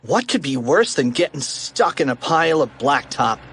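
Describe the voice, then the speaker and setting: A man voicing a quick-thinking, bossy young schoolboy in a storybook, high and urgent. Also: big pitch swings, background noise. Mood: excited. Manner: high-pitched, urgent commands.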